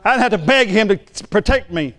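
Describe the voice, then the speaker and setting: In a church, a man preaches a sermon, joking with the congregation before building to emphatic, shouted lines. His voice sits high, expressive and brisk.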